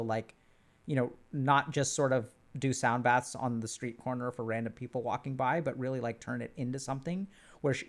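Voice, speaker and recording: Man leading a group check-in. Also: mid-range voice. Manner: rambling, many fillers and restarts. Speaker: group therapy facilitator. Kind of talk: casual group session talk.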